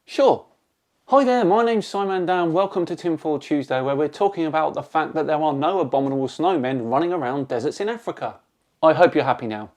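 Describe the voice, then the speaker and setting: A man's voice: mid-range voice, a little mellow. A man from England hosting a channel, reading hostile viewer comments aloud with dry, sarcastic replies.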